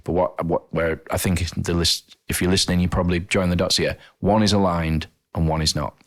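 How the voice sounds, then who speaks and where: A man's voice: low voice, level tone, fairly quick. A man co-hosting a podcast, chatting along, agreeing often and restarting phrases as he thinks. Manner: frequent agreeing interjections, restarts. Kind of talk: conversational podcast chat.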